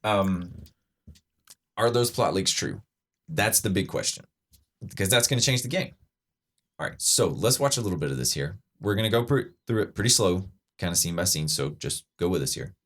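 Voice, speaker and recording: A man's voice: low voice, expressive, normal speed, a bit bright. A man hosting a podcast, chatting enthusiastically with lots of fillers and restarts. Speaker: podcast host. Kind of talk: casual chat breaking down a trailer.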